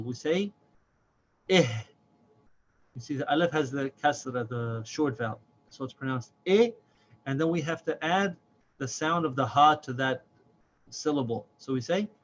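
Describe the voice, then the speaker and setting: Male teacher, mid-pitched, patient and methodical, slowly sounds out each syllable; slightly dull recording. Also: fairly bright tone. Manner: patient, slow and deliberate, drawing out syllables. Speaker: Quran reading teacher. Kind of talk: step-by-step lesson. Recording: slightly dull audio with faint noise.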